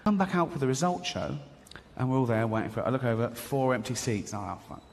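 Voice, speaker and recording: A man doing stand-up, telling a story in an animated way and acting out other people's voices. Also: mid-range voice, fast. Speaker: stand-up comedian. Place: comedy stage. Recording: live stage, hall reverb, faint ambience.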